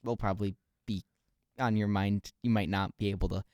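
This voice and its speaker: A man's voice: lowish voice, steady tone, moderate pace, a little mellow, no room sound, studio quality. A young man co-hosting a podcast, joking wryly in casual chat. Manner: wry, jokey. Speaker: podcast co-host.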